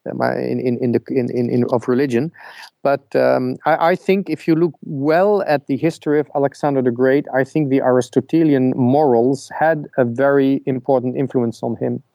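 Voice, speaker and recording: A man calling in to a talk show who speaks haltingly, restarting words often as he searches for the right phrasing. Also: medium pitch, steady tone, gravelly, warm tone, dry recording. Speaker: caller. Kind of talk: casual call-in conversation.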